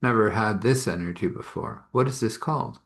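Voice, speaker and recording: A man's voice: lowish voice, fairly quick, natural voice. A man voicing an ancient reclusive woman. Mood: calm.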